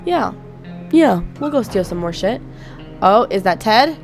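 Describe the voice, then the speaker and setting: A very animated woman with a mid-range voice and a measured pace gives chatty, reactive commentary on a game as a gaming YouTuber. She reads its text aloud and swears freely, with faint game music behind.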